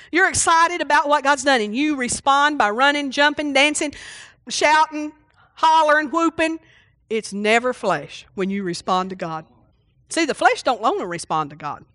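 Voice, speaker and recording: A middle-aged woman pastor, preaching a folksy, animated sermon and acting out little exchanges. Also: high voice, no room sound, clean studio sound.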